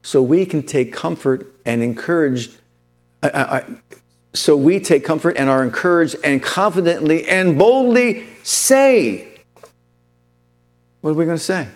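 A man's voice: on the high side, lively intonation, measured pace, long pauses. Emphatic male preacher, faint music behind. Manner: preaching with emphatic repetition, rising to declarations. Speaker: pastor. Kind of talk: sermon.

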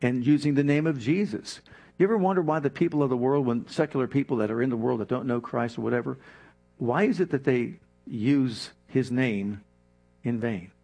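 A man preaching a sermon, emphatic, with dramatic pauses and prayers acted out in his own voice. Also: medium pitch, creaky, a little mellow. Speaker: pastor.

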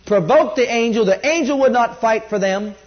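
Animated male preacher, lo-fi sound. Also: moderate pace. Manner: animated preaching, rising loud on key points and dropping low on quotes. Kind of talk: sermon.

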